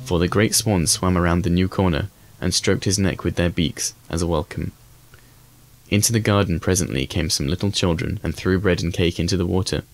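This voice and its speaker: A man reading a classic fairy tale aloud as an audiobook in a measured, even manner. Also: low-pitched. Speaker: audiobook reader. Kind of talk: scripted storybook narration.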